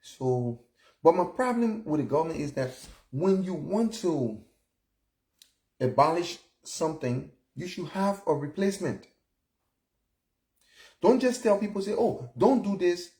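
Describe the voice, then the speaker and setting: A man's voice: fairly high pitch, big pitch swings, unhurried, long pauses, dark tone. A man in his fifties from Liberia, with a Liberian English accent, giving casual opinion commentary in a blunt, chatty way that keeps checking in with "all right?" and "you know?". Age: 50s. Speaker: vlogger.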